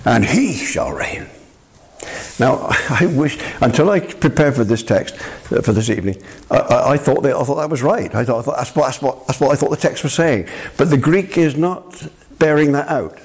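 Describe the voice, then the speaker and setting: Older husky-voiced man preaching with animation. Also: medium pitch, fairly quick. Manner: animated, emphatic, addresses listeners as my friend. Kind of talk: sermon.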